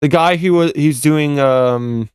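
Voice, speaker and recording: A man's voice: a little high, slow, smooth, no echo, clean studio sound. A young man, a fan game developer, casually commenting over footage, rambling and correcting himself as he goes. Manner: rambling, self-correcting, laughs at own jokes.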